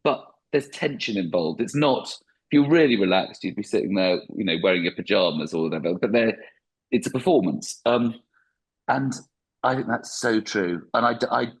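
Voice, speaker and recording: A man's voice: fairly low pitch, normal speed, breathy edge. A man, a stand-up comedian, talking reflectively in a podcast interview with frequent restarts.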